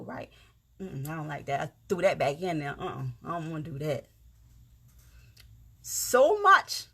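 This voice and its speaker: Gullah Geechee woman, lively encouraging talk. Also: mid-range voice, husky. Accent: Gullah Geechee, South Carolina Lowcountry. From South Carolina, USA. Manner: heartfelt, folksy, talks straight to viewers with "y'all". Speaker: vlogger, motivational speaker. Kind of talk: casual encouraging monologue.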